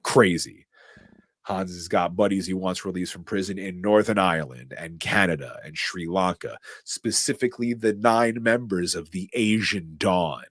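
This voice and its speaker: Deep-voiced man recapping a movie. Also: moderate pace, no echo. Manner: animated storytelling, casual slang. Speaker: podcast host. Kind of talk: casual movie recap chat.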